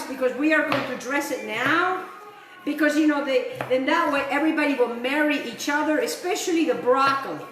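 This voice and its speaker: In her home kitchen, a middle-aged woman with a high-pitched voice hosts a casual cooking show, chatty and enthusiastic, full of fillers and asides. The room is echoey, with background noise.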